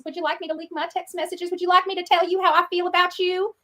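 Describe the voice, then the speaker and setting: A woman's voice: extremely high pitch, flat delivery, fast talker, bright, forceful tone. A woman live-streaming in a rambling, taunting way and often repeating herself. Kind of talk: rambling livestream talk.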